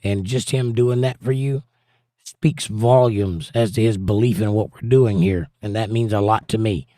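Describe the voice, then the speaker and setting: A man's voice: fairly low pitch, fairly even intonation, normal speed, dark tone, no echo, studio quality. Jokey man reading chat aloud. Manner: chatty, jokey, reads viewer comments aloud. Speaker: livestream host reading chat. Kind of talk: casual chat.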